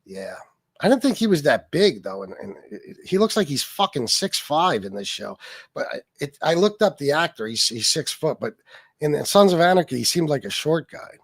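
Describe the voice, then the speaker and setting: A man's voice: a little high, big pitch swings, moderate pace, breathy edge, no echo, studio quality. A man hosting a casual political livestream, reading chat comments aloud and answering them in a profane, mocking, sarcastic way. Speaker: livestream host.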